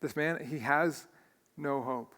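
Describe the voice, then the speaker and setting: A man's voice: on the high side, takes it slowly, bright, forceful tone, big-room sound. A man preaching a sermon as pastor, earnest and emotional, often restarting his phrases. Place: church sanctuary.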